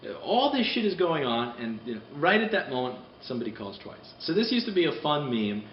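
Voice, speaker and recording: Animated man ranting in a roomy space. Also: a little high, brisk, a little hiss or hum. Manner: animated, rambling, profane. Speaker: repair shop owner vlogging. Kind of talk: casual spoken rant. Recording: distant mic in a roomy space, dull sound.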